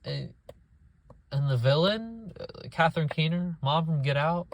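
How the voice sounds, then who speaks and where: A man's voice: a little high, expressive, measured pace. A young man giving a profane, exasperated movie review rant, often mocking people in put-on voices.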